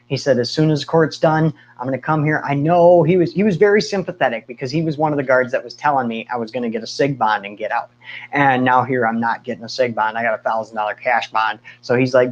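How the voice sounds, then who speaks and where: A man casually telling a personal story, candid and animated, often acting out what people said. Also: medium pitch, a little fast, muffled recording. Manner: candid, animated storytelling with asides and quoted dialogue. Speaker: speaker sharing his testimony.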